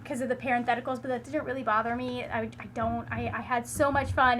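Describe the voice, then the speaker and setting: A high-pitched woman talks through books in a relaxed vlog. Her tone is bright and sharp, and she gushes in quick, rambling chatter packed with "like" and restarts. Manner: gushing and chatty, full of "like" and restarts. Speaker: book reviewer. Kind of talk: casual vlog chat.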